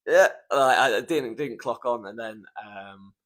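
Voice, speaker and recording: A young man hosting a casual solo podcast, choked up and close to tears as he rambles, swearing often and filling pauses with ums. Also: medium pitch, a bit bright. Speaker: podcast host.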